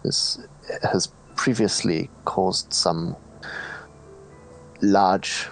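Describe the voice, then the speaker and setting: A man playing a character at a tabletop game, speaking in a measured, hesitant way. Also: low-pitched, fairly even intonation, creaky, soft background music, poor audio. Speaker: player. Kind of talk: in-character tabletop role-play.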